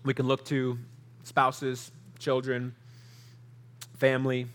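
A man's voice: mid-range voice, completely flat delivery, takes it slowly, a bit bright. A man preaching a sermon, reading scripture aloud and explaining it in an earnest, conversational way, asking the listeners questions. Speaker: pastor.

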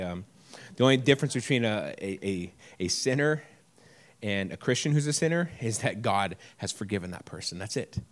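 A man preaching a sermon in a conversational way, telling a personal story with animated stretches and frequent restarts. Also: lowish voice. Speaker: pastor. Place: church service.

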